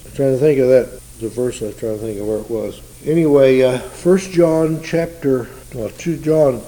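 A man's voice: medium pitch, warm tone, low-quality recording. A man preaching a sermon in a folksy, conversational teaching style, asking his listeners rhetorical questions.

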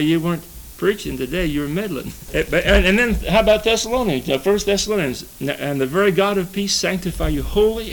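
Older male Bible teacher, folksy and rambling; a bit raised in pitch, with gravel in the voice. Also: slight background noise, poor audio. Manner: rambling, conversational, with self-corrections and chuckles.

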